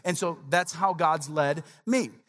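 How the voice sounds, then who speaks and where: A man's voice: on the high side, measured pace, fairly bright tone. A man in his forties preaching a sermon as pastor, telling personal stories in a conversational way with frequent asides to the congregation.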